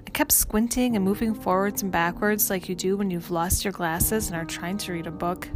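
A woman reading a first-person story aloud in an even, measured way. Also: medium pitch. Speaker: story narrator. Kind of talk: scripted first-person narration. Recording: music playing underneath.

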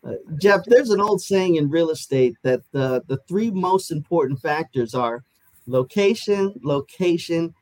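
A man's voice: a little high, lively intonation, unhurried, darkish tone, dry recording, poor audio. A man hosting an interview, upbeat and chatty, asking guests questions with plenty of fillers. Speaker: interview host.

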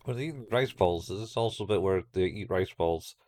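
A man's voice: deep voice, a little fast, darkish tone, dry recording, clean studio sound. A man co-hosting a podcast, chiming in with plot details in a laid-back casual chat. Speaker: podcast co-host. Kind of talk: casual chat recapping an anime.

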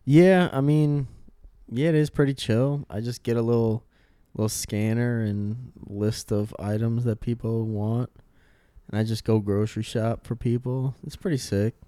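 A man's voice: medium pitch, steady tone, unhurried, mellow, no echo. A young man chatting casually, rambling through stories and filling his speech with likes. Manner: rambling storyteller, lots of "like". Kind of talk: casual chat.

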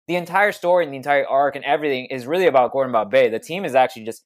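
A man hosting a casual podcast chat about a movie, talking in an animated, rambling way. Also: medium pitch, racing. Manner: animated, rambling, quotes characters.

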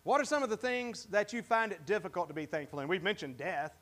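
A man with a high, somewhat bright voice preaches an interactive sermon in church. He talks conversationally, haltingly restarting his sentences and often asking the congregation questions.

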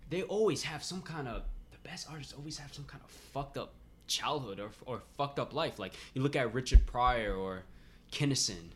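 A man's voice: mid-range voice, animated, moderate pace, slight background noise. A man hosting a podcast in casual chat, laid-back and profane, often calling people "man" and "dude". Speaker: podcast host.

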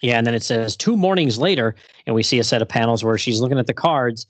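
A man co-hosting a podcast in casual chat, retelling a comic scene in an animated way and laughing often. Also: mid-range voice, quick pace, dry recording. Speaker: podcast co-host.

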